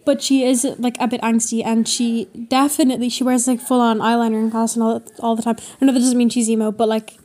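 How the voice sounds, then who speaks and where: A woman's voice: a little high, level tone, quick pace, hardly any pauses, dark tone. A teenage girl, rambling in casual chat with a lot of swearing and fillers. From Ireland. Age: teens. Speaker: co-host.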